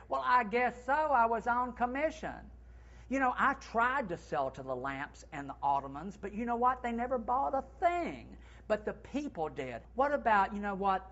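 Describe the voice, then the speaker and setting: A man who is a retail consultant, hosting a segment with sales tips in a playful, animated way. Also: sits high, moderate pace, muffled recording. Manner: playful, animated, acts out sample phrases. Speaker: segment host.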